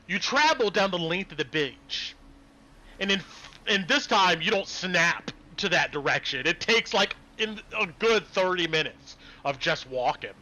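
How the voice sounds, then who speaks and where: Animated man narrating a tabletop game. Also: high-pitched, unhurried. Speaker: game master.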